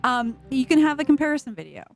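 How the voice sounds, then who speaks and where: A woman's voice: high voice, sing-song, quick pace. Teasing woman co-streamer. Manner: teasing, dry humor. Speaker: stream co-host. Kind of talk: casual gameplay chat. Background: game music.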